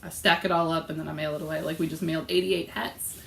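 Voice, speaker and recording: A woman's voice: sits low, level tone, quick pace, vocal fry, a little hiss or hum. A woman co-hosting a knitting podcast in casual chat, bubbly and jokey. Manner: bubbly, jokey, laughs often. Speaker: podcast co-host. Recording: echoey room with faint ambience.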